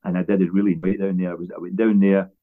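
A man's voice: low voice, little pitch movement, rapid-fire. A Scottish man, a former footballer, telling long rambling anecdotes as an interview guest with frequent restarts. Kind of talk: relaxed storytelling interview. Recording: tinny phone-like line.

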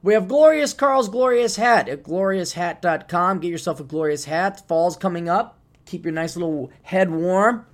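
A man hosting a podcast alone, rambling in a sarcastic, casual monologue with sudden loud bursts, tired and just waking up. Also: high-pitched, normal speed, few pauses. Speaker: podcast host.

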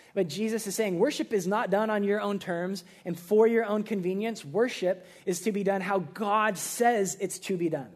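A young man preaching a casual sermon, animated and conversational, acting out playful quotes. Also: sits high, moderate pace, few pauses. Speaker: pastor.

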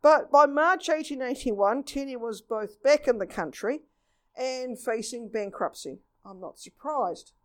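A woman giving a lively local history talk, reading old newspaper reports and acting out quotes. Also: a little high, measured pace.

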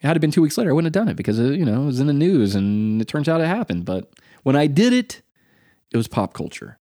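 Podcast co-host, male, American, fast and lively storyteller, dry close sound. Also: medium pitch, no echo. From United States. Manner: animated storyteller, acts out quotes. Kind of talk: casual podcast chat.

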